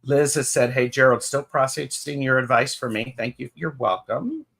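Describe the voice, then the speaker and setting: A man's voice: mid-range voice, animated, normal speed, vocal fry, fairly bright tone, husky. A man co-hosting a live tarot stream in casual chat, greeting viewers by name with fillers and restarts.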